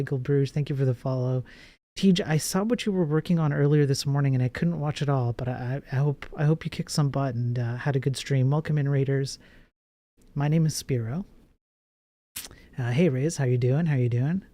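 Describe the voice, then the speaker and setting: A man's voice: mid-range voice, warm tone, dry recording. A man in his forties streaming live while he codes, chatting loosely with his viewers, joking and swearing as he reads out and answers chat. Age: 40s.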